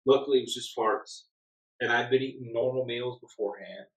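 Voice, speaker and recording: A man's voice: mid-range voice, steady tone, fairly quick, a little hiss or hum. A man in frank, joking casual chat, recalling a climb with a friend. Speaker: host recounting a climb. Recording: roomy, distant mic.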